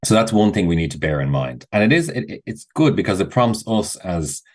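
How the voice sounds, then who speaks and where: A middle-aged man with a remarkably low voice, slightly husky at the edges. He explains his points thoughtfully as a podcast guest, circling back and restarting phrases as he goes. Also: big pitch swings, brisk. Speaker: guest, associate professor. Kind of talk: podcast interview.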